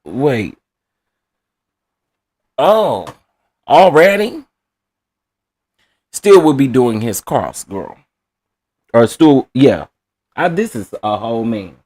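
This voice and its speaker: A man giving casual live-stream commentary, playful, often laughing and calling his viewers baby and y'all. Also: mid-range voice. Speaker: online trial commentator.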